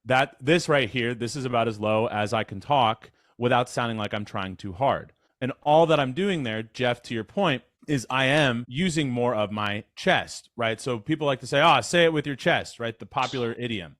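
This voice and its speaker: A man leading a voice workshop on a video call, talking in an energetic, casual, coaching way. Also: medium pitch, normal speed, hardly any pauses, dry recording, studio quality. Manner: energetic, chatty, demonstrates with his voice. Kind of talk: casual instructional talk. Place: online call.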